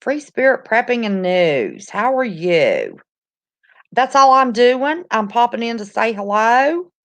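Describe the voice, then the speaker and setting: A woman's voice: fairly high pitch, very animated, takes it slowly, fairly bright tone. Drawling woman chatting on a livestream. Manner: chatty, drawling, calls viewers honey. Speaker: livestream host. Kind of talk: casual livestream chat greeting viewers. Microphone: no headphones, device mic.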